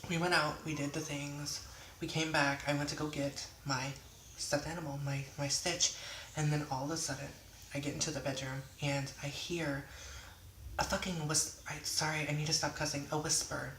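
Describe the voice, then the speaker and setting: Indoors at home, a twenty-something vlogger tells a rambling storytime, cursing and saying sorry again and again. Their medium-pitched voice stays level and a bit bright at a moderate pace, with a little hiss or hum in an echoey room.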